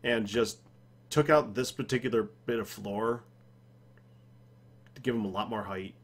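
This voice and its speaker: A man's voice: lowish voice, unhurried. A man hosting and recording a gaming session, chatting animatedly with his teammate. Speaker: host recording a gaming series. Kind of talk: casual gaming chat.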